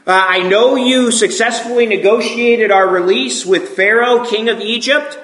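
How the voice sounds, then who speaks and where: A man's voice: extremely high pitch, a little slow, a bit bright, reverberant, voice pushed up. A man voicing a fretful male Israelite wanderer who complains to his leader in slangy, sarcastic talk. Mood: complaining.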